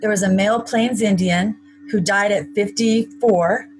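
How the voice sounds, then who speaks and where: A woman tells a personal story to an interviewer in a chatty, matter-of-fact manner, dropping in wry asides. Her pitch sits in a middle range for a woman, and a faint hiss runs beneath her voice. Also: fairly even intonation, measured pace, poor audio. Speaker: interview guest. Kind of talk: recounting a personal story in conversation.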